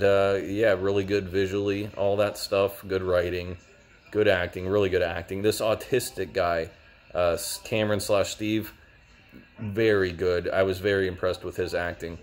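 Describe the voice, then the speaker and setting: A young man giving a casual, rambling video review with lots of fillers. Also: sits low. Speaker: show reviewer.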